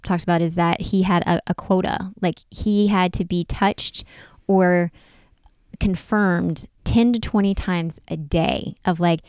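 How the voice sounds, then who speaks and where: Woman chatting on a podcast, lots of likes and ums, smooth voice. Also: lowish voice, fairly even intonation, a little slow, darkish tone, dry recording. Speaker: podcast co-host. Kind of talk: casual chat.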